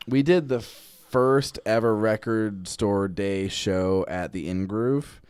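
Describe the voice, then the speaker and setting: A man's voice: lowish voice, slow, darkish tone, clean tone, no echo. A man hosting a podcast, chatting casually and joking, often laughing and swearing. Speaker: podcast host. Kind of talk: casual chat.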